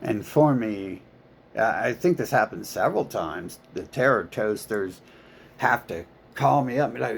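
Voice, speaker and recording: A man's voice: on the low side, lively intonation, unhurried, vocal fry, slightly rough. A man talking in a rambling, profane monologue full of filler words and restarts.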